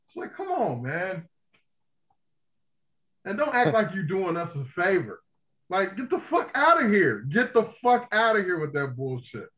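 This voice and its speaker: A man with a fairly high-pitched voice talks on a casual pop-culture podcast. He gets heated and profane and keeps breaking into loud outbursts. The audio is dull and lo-fi. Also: wildly swooping pitch, measured pace. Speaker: podcast co-host.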